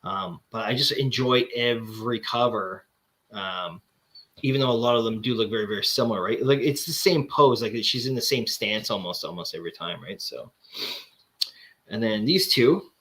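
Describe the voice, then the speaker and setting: A man's voice: on the low side, normal speed, a bit bright. A man hosting a casual chat, showing off comic books and rambling with lots of fillers and restarts. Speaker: comic collector host.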